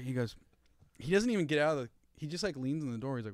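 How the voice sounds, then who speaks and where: A man's voice: on the high side, animated, fast, no echo. A young man co-hosting a podcast, telling a long crude story in a rambling, laughing way. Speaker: podcast co-host. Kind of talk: casual chat.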